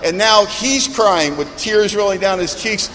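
A middle-aged man speaking at a recovery meeting, telling a personal story in an animated, self-mocking way. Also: sits high, a little slow. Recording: reverberant hall, faint background noise.

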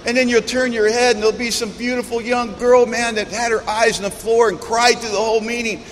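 A man's voice: extremely high pitch, little pitch movement, brisk. A man speaking at a recovery meeting, mixing humorous storytelling with earnest reflection. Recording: long hall reverb, faint background noise.

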